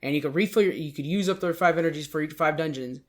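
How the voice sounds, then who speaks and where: Guy hosting a gaming podcast, kinda high voice, rambles and corrects himself a lot. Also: fast talker. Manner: rambling, self-correcting esports recap. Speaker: podcast host. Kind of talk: casual podcast chat.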